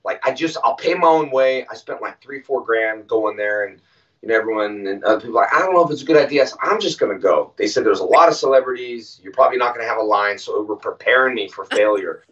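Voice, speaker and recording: Man telling stories from a distance. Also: mid-range voice. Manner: animated, acts out quoted dialogue. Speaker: guest. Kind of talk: casual interview storytelling. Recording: distant, muffled audio.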